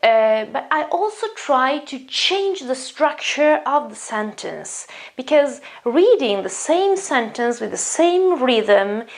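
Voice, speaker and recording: An Italian woman from Italy teaches English vocabulary in an online lesson, often repeating herself as she restarts phrases. Her voice sits high and sounds gravelly, with a sing-song lilt, and she takes her time.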